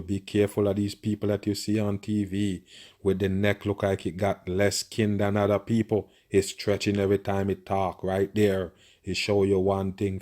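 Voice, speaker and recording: Deep, flat-voiced ranting man. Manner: profane, conspiratorial, constant murmured agreement. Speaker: video commentator. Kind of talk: ranting reaction commentary.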